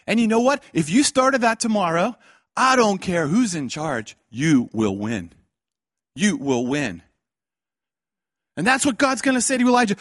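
A man preaching a fiery sermon, swinging between loud outbursts and hushed lines and acting out the voices he quotes. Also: high voice, big pitch swings, moderate pace, no room sound, studio quality.

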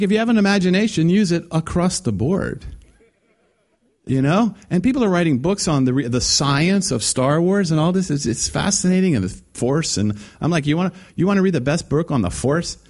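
A man's voice: fairly high pitch, lively intonation, fairly quick, a little mellow. A man preaching a conversational sermon, acting out quoted voices with many restarts. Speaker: guest preacher.

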